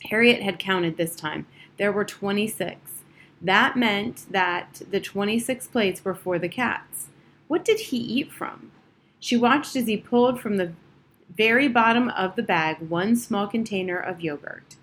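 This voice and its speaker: A woman reading an audiobook chapter aloud in a measured, steady storytelling manner. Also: medium pitch, a little hiss or hum. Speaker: audiobook narrator. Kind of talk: audiobook narration.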